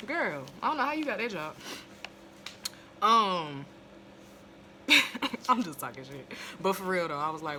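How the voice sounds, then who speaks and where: A woman's voice: fairly low pitch, sing-song, unhurried, long pauses, pushed and bright, slight background noise. A young woman recapping a TV episode in a casual, profane, blunt way, laughing as she goes, recorded on a phone at home. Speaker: TV episode reviewer.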